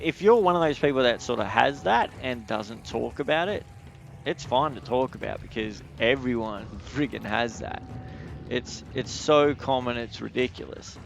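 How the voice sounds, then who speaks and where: A man's voice: mid-range voice, gravelly, slight background noise. A man hosting a casual podcast, rambling and repeating words with loose swearing while he plays a video game. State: married. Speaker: podcast host.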